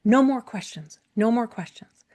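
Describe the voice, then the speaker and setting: A woman voicing an anxious, protective little magic doll, speaking in an urgent, hushed way while telling a fairytale. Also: a little high, expressive, measured pace, voice pushed up. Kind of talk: storytelling.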